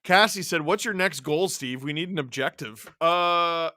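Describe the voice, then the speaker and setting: A man with a fairly high voice speaks at a moderate pace, recorded cleanly in a studio with no echo. He's a streamer hosting a live watch-along, calling the game, yelping and shouting at big plays, and trading jokes with his chat.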